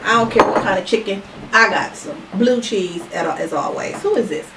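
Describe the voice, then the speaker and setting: A woman's voice: medium pitch, moderate pace. A woman hosting a mukbang video, chatting casually and colloquially as she eats, laughing often. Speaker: mukbang host. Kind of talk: casual chat while eating. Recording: roomy, distant mic with loud background noise.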